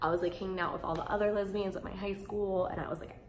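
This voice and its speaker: Young woman vlogger, candid and animated, swears freely, mid-pitched, roomy echo with faint noise. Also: quick pace. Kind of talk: casual chat to camera.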